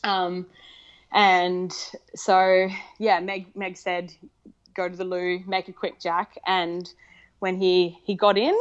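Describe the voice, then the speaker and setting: A woman guest telling a personal story in conversation, animated and excited, acting out what people said. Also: fairly low pitch, slow pace, smooth. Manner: animated, excited, acts out quoted dialogue. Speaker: podcast guest. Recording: slightly muffled lo-fi recording.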